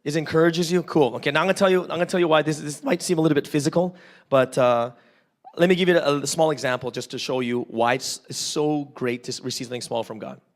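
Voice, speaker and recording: With a slightly high voice and a fast delivery, this Canadian preacher leads an interactive church sermon. He tells stories with real gusto, mimics little voices, poses questions to the congregation and keeps asking "right?".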